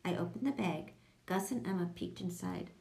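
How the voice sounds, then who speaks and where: Woman narrating a children's story, gravelly edge. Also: moderate pace. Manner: lively storytelling, voicing children in higher tones. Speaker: audiobook narrator.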